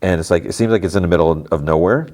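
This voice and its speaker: A man's voice: sits low, fast talker, darkish tone. A man hosting a podcast, casually recapping a TV episode in a loose, rambling way full of filler words. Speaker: podcast host.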